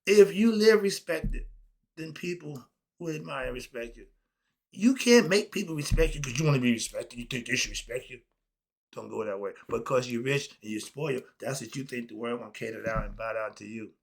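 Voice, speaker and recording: A man ranting on his own commentary show, emphatic and animated, asking rhetorical questions and swinging between loud outbursts and low mutters. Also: a little fast, gravelly, breathy edge. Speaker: commentary channel host. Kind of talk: unscripted solo rant.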